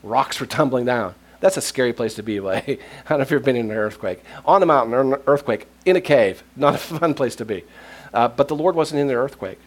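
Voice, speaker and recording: A man preaching a sermon in a mid-pitched voice. He tells stories and laughs often as he goes, and he sinks to a near-whisper at tender moments. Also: expressive, brisk. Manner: laughs often while speaking.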